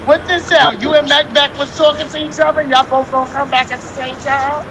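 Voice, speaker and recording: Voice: high-pitched, fairly even intonation, fairly quick. Playful teasing co-host, noisy line. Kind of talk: casual chat.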